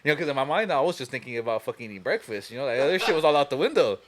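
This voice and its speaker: A man's voice: medium pitch, big pitch swings, very fast, background noise. A young man on a podcast telling a long, profane story in a rambling way, full of "you know" and "like.". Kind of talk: casual storytelling chat.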